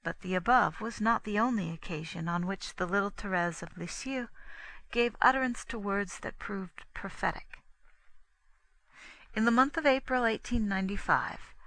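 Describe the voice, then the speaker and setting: A woman narrating an audiobook in a measured, even reading. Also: medium pitch, dry recording, poor audio. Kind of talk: scripted narration.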